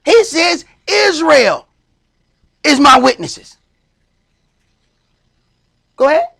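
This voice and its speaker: A man preaching a sermon as priest, stressing points by slowing down and raising his voice. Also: very high voice, big pitch swings, gravelly. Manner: emphatic preaching, slows and shouts for stress.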